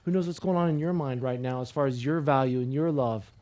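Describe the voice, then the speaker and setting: A man preaching a sermon as a pastor, earnest and repeating key phrases as he leads the congregation in call-and-response, swinging between loud emphatic lines and quiet personal appeals. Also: mid-range voice, fairly quick.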